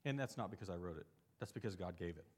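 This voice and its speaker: A pastor giving a conversational sermon, asking the congregation questions and moving between lively, emphatic stretches and softer, earnest ones. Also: male voice, fast talker, husky. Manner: conversational preaching with frequent rhetorical questions; swings between animated emphasis and soft, low earnest passages.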